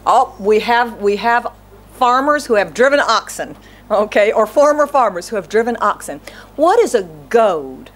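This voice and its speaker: A woman's voice: fairly high pitch, lively intonation, moderate pace. A woman pastor preaching an earnest, conversational sermon, often asking the congregation questions.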